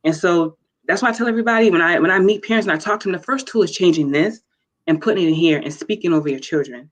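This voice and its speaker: A woman's voice: lowish voice, fast talker, poor audio. A woman guest sharing a heartfelt personal testimony as a mother, speaking in an earnest way. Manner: earnest, heartfelt, warm storytelling. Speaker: guest, mother of children with special needs. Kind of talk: personal testimony in a talk show interview.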